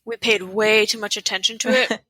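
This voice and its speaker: A woman's voice: mid-range voice, steady tone, brisk, pushed and bright, dry recording, rough recording. A woman co-hosting a podcast, chatting casually about a film, giggly and often hesitant as she restarts her thoughts. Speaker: podcast co-host.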